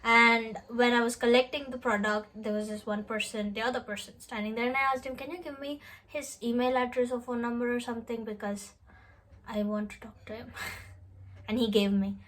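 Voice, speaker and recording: A young woman talking straight to the camera in a relaxed vlog. Her voice sits a little high, and she tells her story in a chatty, emotional way with bits of laughter. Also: normal speed, low-quality recording. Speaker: vlogger.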